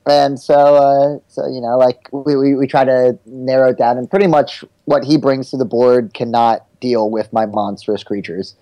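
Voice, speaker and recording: A man co-hosting a podcast, laid-back and quick to laugh, with loose fillers. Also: mid-range voice, little pitch movement, dry recording, dull audio. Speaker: podcast co-host. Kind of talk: casual podcast banter.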